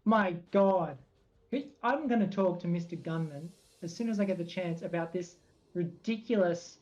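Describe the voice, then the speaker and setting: A woman playing in character at a tabletop game, talking in an indignant, rapid rant. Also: lowish voice, a little mellow, lo-fi sound. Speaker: player. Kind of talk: in-character tabletop role-play.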